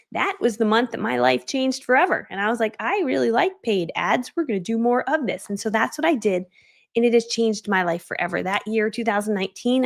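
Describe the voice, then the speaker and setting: A woman's voice: a little high, vocal fry. A middle-aged woman coaching on a live stream, telling her story animatedly and acting out the voices of the people in it. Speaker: online business coach.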